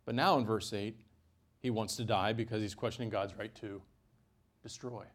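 A man preaching a sermon, animated, with sudden jumps in pitch and loudness and dry asides. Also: moderate pace.

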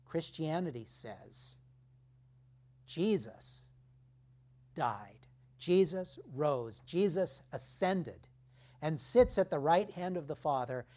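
A man preaching a sermon, emphatic, dropping his voice low for key phrases. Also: lively intonation, a little mellow. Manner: slow, emphatic preaching with dramatic drops in volume.

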